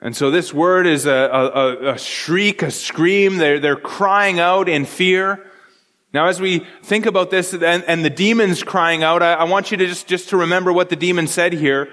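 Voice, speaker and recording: High-voiced male pastor in a reverberant hall. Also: normal speed, a bit bright. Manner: earnest, conversational preaching with frequent restarts. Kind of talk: sermon.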